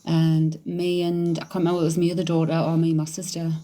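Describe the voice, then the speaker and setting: A middle-aged woman, chatting casually on a livestream, excitable, laughing often and swearing freely. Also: deep voice, quick pace. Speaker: psychic medium livestreamer. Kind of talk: casual livestream chat reading comments.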